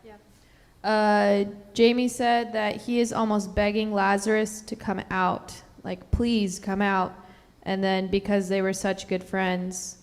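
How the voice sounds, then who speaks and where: Slow, flat-voiced woman relaying comments. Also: mid-range voice, long reverb tail. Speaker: class member reading comments. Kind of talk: reading out comments in class.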